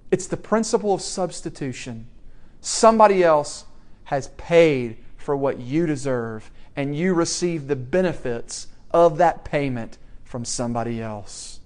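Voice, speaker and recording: A man preaching a sermon, telling a story with asides to the audience and swinging from hushed to loud. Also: fairly high pitch, unhurried.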